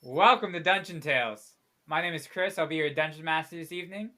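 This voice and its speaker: A man's voice: fairly high pitch, fairly quick, music in the background. Laid-back man running a tabletop game. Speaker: dungeon master.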